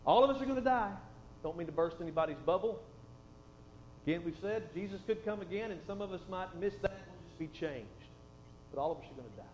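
Male pastor, high voice, folksy asides, dull roomy recording with faint hum. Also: fairly quick. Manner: folksy, conversational asides, drops soft then swells for emphasis. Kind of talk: sermon with scripture reading.

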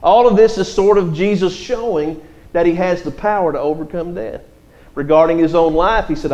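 A man's voice: a little high, moderate pace, a little mellow, dull audio. Man preaching a verse-by-verse sermon. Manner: reads verses aloud then explains them. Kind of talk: expository sermon reading scripture.

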